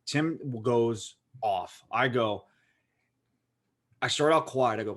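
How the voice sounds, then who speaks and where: A man with a Pittsburgh accent and a mid-range voice talks slowly, with long pauses, while co-hosting a podcast. His casual storytelling is long, rambling, and animated, peppered with "like" fillers.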